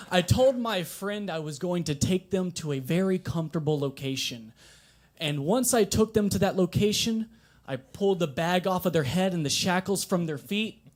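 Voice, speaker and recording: High-voiced man doing stand-up. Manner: deadpan delivery with sudden animated outbursts. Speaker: stand-up comedian. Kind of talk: stand-up comedy set. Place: coffee shop open mic.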